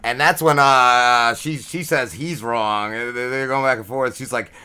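Man, podcast co-host, bright tense tone, loose profane rambling recap. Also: mid-range voice, steady tone, measured pace, smooth. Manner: rambling, profane, many fillers and restarts. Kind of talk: casual episode recap.

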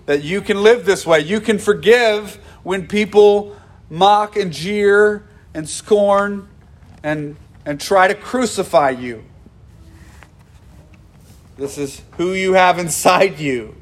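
A male preacher speaks slowly and deliberately, leaving room between his phrases. His voice sits a little high for a man, and he doubles back on key words to press them home. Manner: earnest, repeats phrases for emphasis. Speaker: pastor. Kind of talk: sermon.

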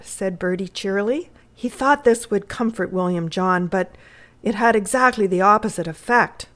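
A woman narrating a short story for a readers' theatre. Her reading is measured and expressive, with a mid-range voice. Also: mid-range voice.

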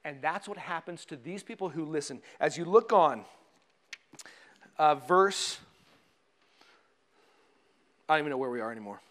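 Male pastor, high voice, lively sermon delivery with scripture readings. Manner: animated, laughing often, reading scripture aloud. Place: church.

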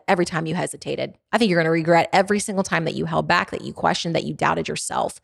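Woman, Baltimore accent, earnest motivational podcast host, lowish voice, dry close sound. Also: vocal fry, dry recording. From Baltimore, USA. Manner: earnest, emphatic, repeats phrases for effect; stumbles and restarts, laughs between thoughts. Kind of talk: motivational faith-based monologue.

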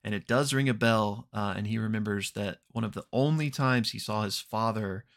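A man hosting a podcast, casually recapping an actual-play episode with many ums and quick acted-out quotes. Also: lowish voice. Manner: relaxed, unhurried retelling with frequent ums and throat clearing; briefly acts out characters' lines in quoted voices.

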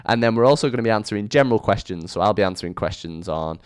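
A young man hosting his own podcast, chatting casually with a rambling, lively intonation into a microphone. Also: lowish voice, racing, clean tone, no room sound, clean studio sound. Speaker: podcast host. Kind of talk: casual solo podcast monologue. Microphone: studio microphone.

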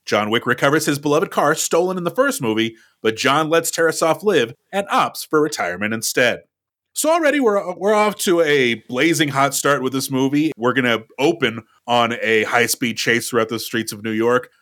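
A young man co-hosting a podcast, recapping a film in a wry, animated way. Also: mid-range voice, moderate pace. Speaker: podcast co-host. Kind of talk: casual chat, recapping a film.

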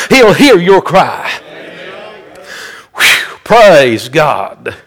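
A man's voice: sits high, a bit bright. A male pastor preaching a fervent sermon with rhythmic repetition.

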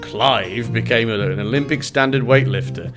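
A man's voice: medium pitch, normal speed, over music. A man co-hosting a podcast who teases his partner with dry banter. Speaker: podcast co-host. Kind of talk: casual chat.

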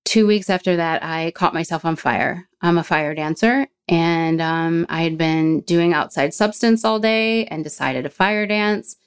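Speaking a little slowly and barely pausing, a woman in her forties with a deep, clear, resonant voice tells her recovery story as a guest. Her storytelling is candid and blunt, full of swearing and self-deprecating laughter.

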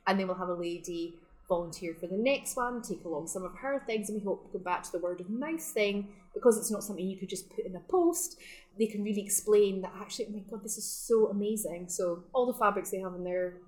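Here a woman with a lowish voice, heard through poor audio, is casually interviewed in her sustainable fashion shop in the Scottish Highlands. She's chatty and enthusiastic, breaking into laughter often.

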